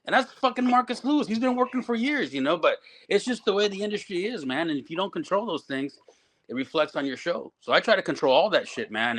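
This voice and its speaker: A middle-aged man, a veteran wrestler and promoter, ranting with heavy swearing in a casual podcast chat. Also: on the high side. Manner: profane, ranting, animated.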